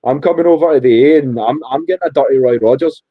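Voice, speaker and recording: A man's voice: mid-range voice, fast talker, phone-quality sound. A Scottish man co-hosting a podcast in casual chat, joking and laughing often, with frequent restarts. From Scotland. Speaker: podcast co-host.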